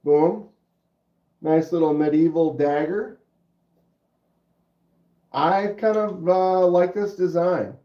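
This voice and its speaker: Stuffy middle-aged guy on a livestream, chill, says dude a lot, kinda dull lo-fi mic. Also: fairly high pitch. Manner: laid-back, drawn-out, says dude and bro. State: stuffy nose. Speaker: livestream host. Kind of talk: casual livestream chat reading comments. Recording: roomy, dull lo-fi sound.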